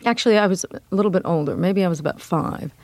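A middle-aged woman being interviewed as a memoir author, speaking in a measured, reflective way with frequent ums. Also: fairly low pitch, darkish tone, dry recording. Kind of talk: interview conversation.

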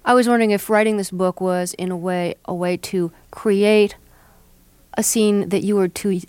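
A woman interviewing an author, asking measured, carefully phrased questions. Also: medium pitch, fairly even intonation, a little mellow, clear, resonant tone, no room sound.

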